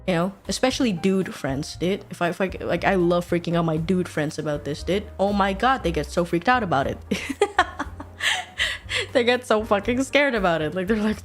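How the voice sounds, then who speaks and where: A woman's voice: lowish voice, a little fast, soft background music. A woman in her twenties, a streamer, chatting casually, swearing a lot and laughing often. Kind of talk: casual chat.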